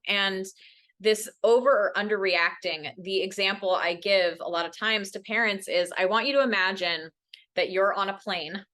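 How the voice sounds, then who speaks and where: A woman mental health educator giving a parent workshop presentation, earnest, often checking in with "right?" and acting out quoted voices. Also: fairly bright tone. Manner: acts out quoted voices with big pitch jumps. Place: workshop room.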